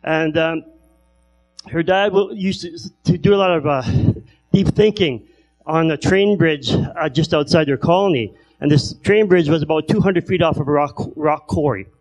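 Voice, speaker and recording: A man doing stand-up comedy who stutters, telling stories with repeated word starts and long pauses. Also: on the high side, poor audio. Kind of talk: stand-up storytelling.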